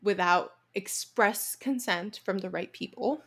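A woman's voice: medium pitch, a little slow. A young woman, co-hosting a podcast and telling a story with lots of feeling and frequent laughs. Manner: animated storytelling, laughs often, emotional. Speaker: podcast co-host. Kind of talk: casual chat.

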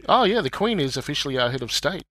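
A man with an Australian accent, a guest on a podcast, chatting casually with dry, deadpan humor. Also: on the high side, fast. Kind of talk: casual chat.

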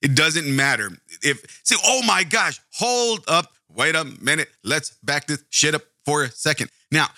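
A man's voice: fairly high pitch, lively intonation, unhurried, gravelly, hardly any pauses, sharp tone, no room sound, clean studio sound. A man hosting a casual true-crime podcast, rambling, interrupting himself and swearing casually. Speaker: podcast host.

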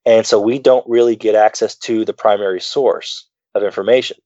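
A man's voice: lowish voice, fairly even intonation, moderate pace, warm tone, dry recording, muffled recording. A man co-hosting a casual political chat, rambling with many fillers and restarts. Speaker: podcast co-host.

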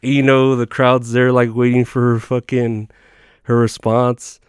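A man's voice: mid-range voice, little pitch movement, unhurried, clean tone, dry recording, clean studio sound. A young man hosting a podcast, rambling through a profane comedic rant with lots of fillers and restarts. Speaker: podcast host.

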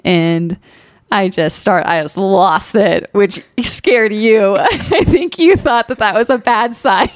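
A woman telling a personal story in casual chat, animated and emotional, laughing often. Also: medium pitch, slow pace, no room sound, studio quality. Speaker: podcast co-host.

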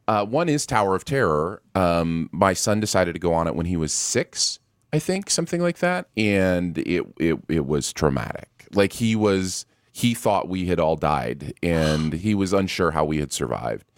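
A middle-aged man co-hosting a podcast, telling stories in a relaxed, casual way. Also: deep voice, moderate pace, no echo, studio quality. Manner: relaxed storyteller. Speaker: co-host.

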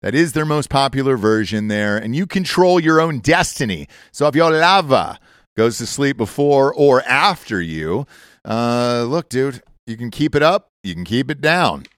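Brash, animated male podcast host. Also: mid-range voice, moderate pace, no room sound, clean studio sound. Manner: brash, profane, joking. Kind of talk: crude casual chat and ad reads.

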